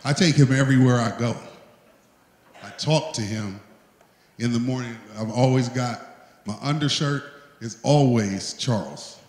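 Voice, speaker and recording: A man's voice: mid-range voice, unhurried, long pauses, a little mellow. A man hosting an event gives an emotional tribute speech, talking in a heartfelt, plain-spoken way. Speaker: event host. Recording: echoey hall.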